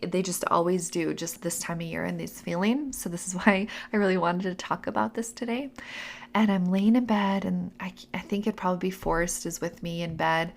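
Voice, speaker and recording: Low, gravelly-voiced woman host. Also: fairly even intonation, normal speed, slight background noise. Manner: chatty, acts out voices in quotes. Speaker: podcast host. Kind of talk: casual storytelling.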